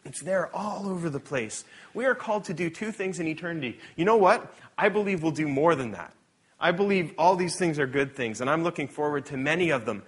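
A man delivers a sermon in a voice that sits a little high for a man. He reads scripture with lively, sarcastic emphasis and then drops to quiet, conversational asides to the congregation. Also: husky. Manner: animated, shifting between loud emphatic reading and quiet asides. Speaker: preacher.

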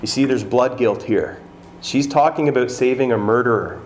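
A man preaching a sermon who retells a Bible story in animated fashion, acting out what the characters say. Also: medium pitch, normal speed. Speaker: pastor. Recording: roomy echo, faint ambient noise.

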